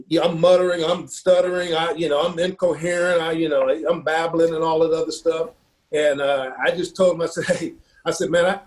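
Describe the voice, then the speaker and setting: A man, a football coach from Ohio, telling a personal story in an earnest, halting way, with many fillers and repeated words. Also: fairly high pitch.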